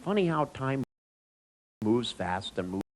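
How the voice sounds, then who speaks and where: A man telling an anecdote in a chatty, animated way with frequent restarts. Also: mid-range voice, takes it slowly, poor audio. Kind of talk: anecdotal storytelling talk.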